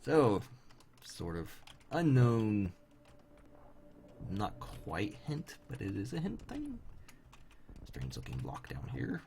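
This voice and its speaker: A man's voice: on the low side, huge pitch swings, slow pace, gravelly, long pauses, darkish tone, a little hiss or hum. A tired young man chatting wryly with viewers while streaming a game. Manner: chatty, wry, talks to chat viewers. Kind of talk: casual live-stream commentary while playing. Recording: faint background game music.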